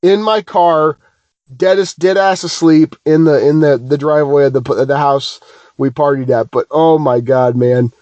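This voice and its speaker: Casual podcast guy, kinda high voice, rambly and self-deprecating, dry dull audio. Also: moderate pace, dry recording. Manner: animated, self-deprecating, many restarts. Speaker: podcast co-host. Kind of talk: casual chat, rambling storytelling.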